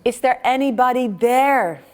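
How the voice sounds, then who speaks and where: A woman voicing a desperate male pilgrim dangling from a cliff, shouting and pleading for help. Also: fairly high pitch, lively intonation, drawn-out words, pitched above the performer's own voice, heavily acted.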